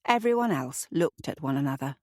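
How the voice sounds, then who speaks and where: A woman narrating an audiobook in a steady, even storytelling manner, close to the mic. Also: deep voice, fairly quick, no room sound. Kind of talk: scripted narration.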